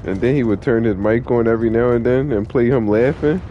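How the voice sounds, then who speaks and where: A man's voice: medium pitch, brisk, lo-fi sound, a little hiss or hum. Laid-back profane young male streamer. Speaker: game streamer. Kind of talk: casual live-stream chat.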